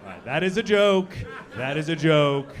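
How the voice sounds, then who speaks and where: A young man doing a stand-up comedy set, with deadpan delivery that breaks into loud shouted bits. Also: on the high side, normal speed. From Colorado. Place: comedy club stage. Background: audience laughter.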